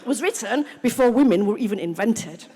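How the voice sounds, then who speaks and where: A woman in middle age tells her own recovery story from a convention stage. She is blunt and lively, laughs at herself, swears and mimics the people she quotes. Her voice sits slightly high and rings out with long hall reverb. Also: fairly quick, crowd noise, noisy background. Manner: animated and frank, laughing and swearing, acting out quoted lines. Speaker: main speaker at a recovery convention. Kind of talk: personal recovery testimony told as a story. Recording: live talk in a reverberant hall.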